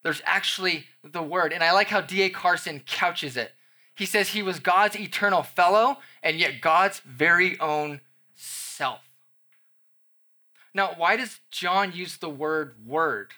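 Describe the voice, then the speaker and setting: A man's voice: sits high, takes it slowly, pushed and bright. A man, the pastor, preaching a sermon to his congregation with playful, conversational asides.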